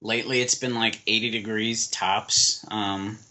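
A young American man living in Germany co-hosts a casual podcast, his voice fairly low, steady, unhurried, pushed and bright. He chats in a laid-back, rambling way, full of fillers.

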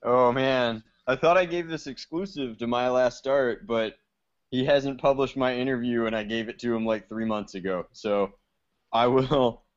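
A man on a podcast, telling his own story in a relaxed, casual way. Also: medium pitch, normal speed. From Georgia, US South. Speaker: podcast co-host. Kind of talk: casual chat. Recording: muffled lo-fi sound.

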